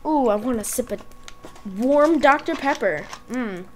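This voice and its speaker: A woman's voice: high voice, lively intonation, measured pace, a little hiss or hum. A young woman hosting a casual game video, chatting and narrating her own moves as she plays. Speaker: gaming channel host. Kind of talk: casual let's-play chat.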